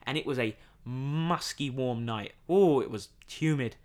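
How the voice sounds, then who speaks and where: A man's voice: mid-range voice, measured pace. A young man, co-hosting a podcast in casual chat, telling stories with swearing and laughter. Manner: animated storyteller, swears casually, laughs a lot. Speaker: podcast co-host.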